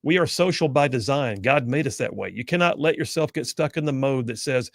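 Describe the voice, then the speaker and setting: A man's voice: medium pitch, animated, fairly quick, vocal fry, few pauses, no echo. A man hosting a radio talk show, telling a story in an earnest, conversational monologue. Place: radio studio.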